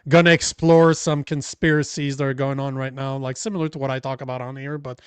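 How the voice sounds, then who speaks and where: A man's voice: medium pitch, little pitch movement, fairly quick, smooth, no room sound. A man with a French accent co-hosting a political talk show, blunt and swearing freely as he reads viewer comments. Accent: French Canadian. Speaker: podcast co-host. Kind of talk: casual political chat.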